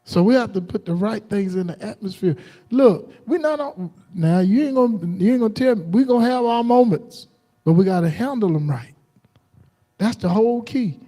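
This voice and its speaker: Guy preaching on a livestream, high pitched but warm sounding, tells stories and acts out people. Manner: folksy storytelling with laughs and acted-out quotes. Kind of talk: informal sermon on a livestream.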